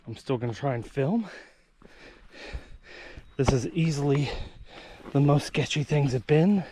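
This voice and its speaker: A winded man talks to his handheld camera on a mountain trail, out of breath and chatty, poking fun at himself. His voice sits at an ordinary middle pitch. Faint noise and clicks run under the recording. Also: lively intonation, measured pace. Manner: breathless, self-deprecating, chatty. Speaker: hiking vlogger. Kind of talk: casual hiking vlog narration.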